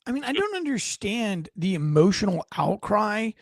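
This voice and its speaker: A young man co-hosting a podcast, talking in an animated, emphatic way and reading comments aloud. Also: high-pitched, moderate pace, no echo. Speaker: podcast co-host. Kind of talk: casual opinion chat.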